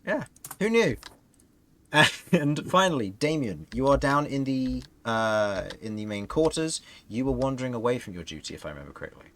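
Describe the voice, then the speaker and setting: A man's voice: medium pitch, big pitch swings, moderate pace, a bit bright, slight background noise. A man narrating a tabletop game as game master, describing scenes and often laughing.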